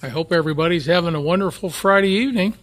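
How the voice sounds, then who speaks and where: An older man talking in a halting, heartfelt way as he films himself on a phone outdoors by a lake. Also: sits high, fairly bright tone. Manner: halting, restarts often, heartfelt. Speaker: vlogger. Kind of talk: casual video diary. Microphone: handheld phone camera.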